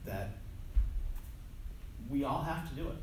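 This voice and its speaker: An animated but unhurried preacher with a medium-pitched, darkish voice in a middle register gives a loose, conversational sermon, poking fun at himself and often restarting phrases. The sound comes from far off in an echoey hall, with faint background hiss.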